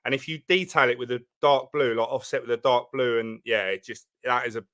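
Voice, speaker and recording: A man's voice: medium pitch, brisk, pushed and bright, clear, resonant tone. A man with a Southern English accent joining a live stream over a video call, laid-back and slangy with easy enthusiasm. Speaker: guest. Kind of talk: casual live stream chat.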